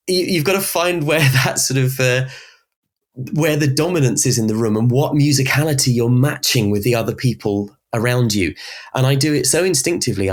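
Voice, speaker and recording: Expressive Berkshire-accented man explaining. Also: medium pitch. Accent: Southern English, Berkshire. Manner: expressive, animated explainer who often laughs. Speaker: voice coach guest. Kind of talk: conversational podcast interview.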